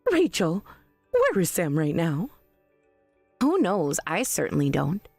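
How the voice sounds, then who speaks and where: A woman playing a calm, cutting accuser. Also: on the low side, takes it slowly, vocal fry, no room sound, faint music behind, exaggerated voice. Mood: scornful. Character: cool, scornful woman confronting a mother. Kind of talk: text-message drama voice acting.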